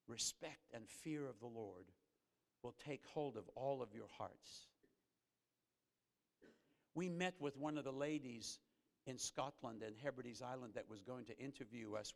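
A man preaching a sermon as a guest pastor, earnest, rising to emphatic peaks and then dropping low and slow. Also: gravelly. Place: church sanctuary. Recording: reverberant church hall.

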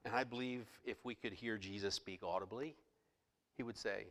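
A male pastor preaching a sermon with passion, swinging between loud outbursts and hushed asides. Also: on the low side, fairly even intonation, normal speed, big-room sound.

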